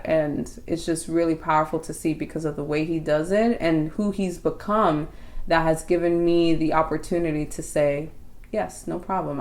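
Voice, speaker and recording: A woman co-hosting a podcast, telling a story in casual chat and acting out quotes. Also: low-pitched. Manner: animated, acts out quotes. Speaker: podcast co-host.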